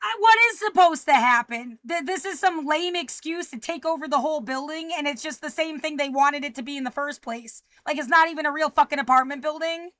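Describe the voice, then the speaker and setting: Upset high-voiced woman ranting and swearing. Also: steady tone, a little fast, few pauses, dry recording, studio quality. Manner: swearing, shifting between muttering and shouting. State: upset, frightened. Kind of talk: agitated personal video rant.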